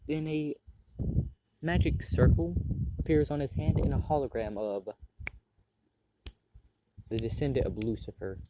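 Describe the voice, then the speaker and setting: A man improvising a fan fiction story aloud, rambling, correcting himself and clearing his throat often. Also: medium pitch, mellow, no echo.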